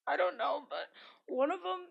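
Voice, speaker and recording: A young woman co-hosting a podcast, telling stories in animated casual chat full of "like". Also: high-pitched, measured pace, vocal fry, lo-fi sound. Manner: animated storyteller, many likes. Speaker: podcast co-host.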